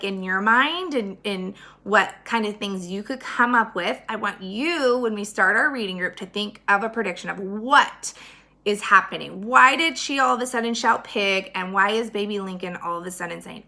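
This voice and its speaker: A woman's voice: mid-range voice, sharp tone. A woman teacher reading a chapter book aloud on camera for her students, then explaining the next steps in a friendly, encouraging way. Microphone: handheld camera.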